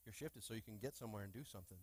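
A man's voice: lowish voice, very fast, a little mellow, breathy edge, dry recording. A male pastor preaching a sermon in a church, with call-and-response questions to the congregation and fervent bursts. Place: church sanctuary.

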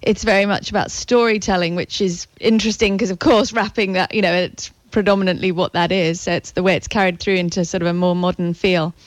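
A woman's voice: fairly low pitch, fairly even intonation, fairly quick, hardly any pauses, dry recording. A woman hosting a radio interview, asking careful questions and often giving short acknowledgements. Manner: attentive, with frequent short acknowledgements. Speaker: radio host.

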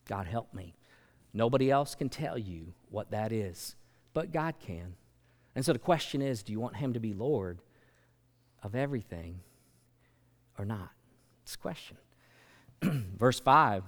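A man preaching a sermon as pastor, building to loud emphatic peaks and acting out quoted voices. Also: on the low side. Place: large church sanctuary. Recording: long church hall reverb.

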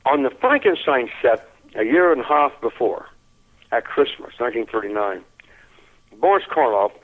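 A man's voice: mid-range voice, moderate pace. Chuckling older man over a tinny line. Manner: lively, chuckling, repeats words. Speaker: interview guest. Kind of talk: anecdotal storytelling.

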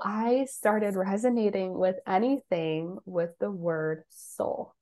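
A woman in her thirties, a guest on an interview show, telling her life story in a casual, animated way, acting out quotes with lively voices. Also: mid-range voice, slow pace, hardly any pauses. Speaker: guest, psychic and life coach.

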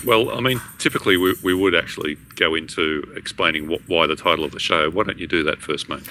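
A man's voice: low voice, quick pace, pushed and bright, a little hiss or hum. A man co-hosting a gaming podcast, chirpy and jokey. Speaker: podcast co-host. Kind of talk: casual podcast chat.

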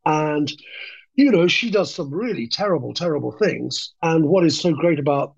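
A man's voice: fairly high pitch, animated, moderate pace, gravelly, husky, dull audio. A man, a film director, talking as a podcast guest, enthusiastic and rambling, often restarting his sentences. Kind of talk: conversational interview.

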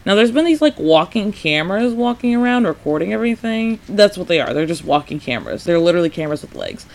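High-voiced chatty man podcasting. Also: fast, creaky. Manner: chatty, says "like" often, laughs a lot; animated, acts out characters' lines. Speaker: podcast host. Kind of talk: casual solo podcast retrospective.

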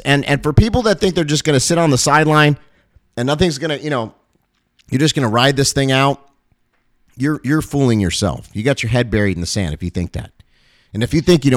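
A man who is a pastor, giving an impassioned on-air talk, urgent and emphatic, repeating phrases and surging into loud, high calls. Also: dry recording, studio quality.

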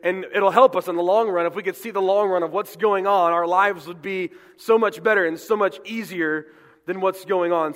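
A man preaching a sermon as pastor, fast and emphatic, often repeating words as he pushes ahead. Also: high voice, a bit bright. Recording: long hall reverb.

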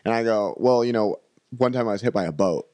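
A man's voice: on the low side, brisk, dark tone, no room sound. A man telling a long story in casual chat, rambling and laughing as he acts out other people's lines.

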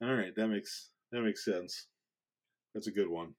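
A man's voice: fairly low pitch, a little slow, pauses often. A man co-hosting a podcast, chatting casually, laughing often and telling jokes. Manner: laughs often, quiet asides. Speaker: podcast co-host. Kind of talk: casual chat, joke telling.

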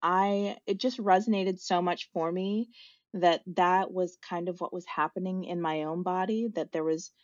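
A woman with a lowish voice talks as a podcast guest, telling her story reflectively and pausing to find her words. The audio is dull and lo-fi, with a dry sound and no room echo. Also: fairly even intonation. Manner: thoughtful, searching for words, with fillers.

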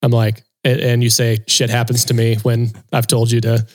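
A man, a co-host and touring drummer, telling a story in casual chat and acting out quotes in a raised voice. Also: normal speed. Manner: animated storyteller, acts out quotes in a higher voice.

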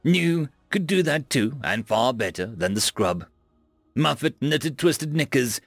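Lively male fantasy-story narrator. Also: mid-range voice, unhurried, no echo, soft background music. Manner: expressive storytelling.

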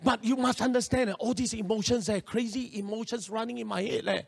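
Speaking a little fast in a high-pitched, gravelly voice with a breathy edge, a man with a Singaporean English accent delivers a sermon. He's a pastor recounting a personal story with animation and local slang.

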